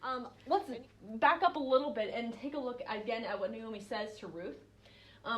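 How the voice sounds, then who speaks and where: Young woman leading a bible study, kinda high voice, chatty with lots of ums and restarts. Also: normal speed, fairly bright tone. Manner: conversational, acts out quoted voices, many fillers and restarts. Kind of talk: teaching a small group class.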